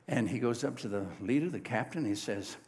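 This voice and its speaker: A male preacher telling a Bible story in a sermon, lively and folksy, often asking the congregation questions. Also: medium pitch, moderate pace, big-room sound. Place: church sanctuary.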